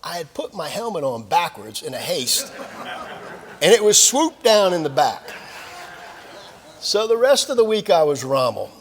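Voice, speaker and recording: In a club's lecture hall, an older man who retired from the navy delivers an anecdotal lecture as guest speaker for a military series. His fairly high voice swings widely in pitch, at a measured pace with long pauses, and his folksy, self-mocking stories are full of fillers, all echoing in a large hall.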